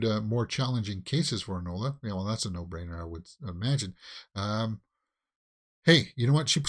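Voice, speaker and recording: Rambling man hosting movie news. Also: medium pitch. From Canada. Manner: rambling, many fillers and restarts, exclaims. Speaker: host of a movie news channel. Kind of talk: casual live-stream commentary.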